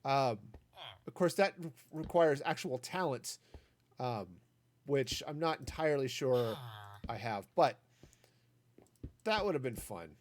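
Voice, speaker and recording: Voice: medium pitch, lively intonation, measured pace, pauses often, slight background noise. A gaming streamer in their forties chatting casually while playing, rambling into asides and silly puns.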